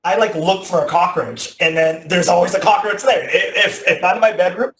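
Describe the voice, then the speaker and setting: A man in his thirties telling a personal story as a motivational talk, animated, often saying "like", with loud bursts at dramatic moments. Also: sits high, a little fast. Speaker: teacher giving a motivational talk. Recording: echoey room.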